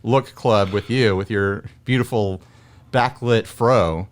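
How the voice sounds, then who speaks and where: A man's voice: fairly low pitch, slow pace. An American man chatting casually as a guest, joking and laughing often as he talks. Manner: jokey, laughs often, rambling. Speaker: guest guitar video maker. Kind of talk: casual chat.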